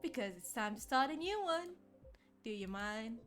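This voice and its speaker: A woman's voice: on the high side, lively intonation, moderate pace, faint music behind, natural voice. A woman voicing a friendly male police officer in a put-on American Southern accent, easygoing and folksy. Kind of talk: streamer voicing game dialogue.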